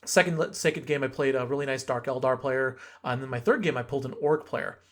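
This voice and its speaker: Guy on a podcast rambling thru a story, um and uh everywhere, average pitch. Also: fast. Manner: rambling, many fillers and restarts. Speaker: podcast host. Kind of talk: casual storytelling.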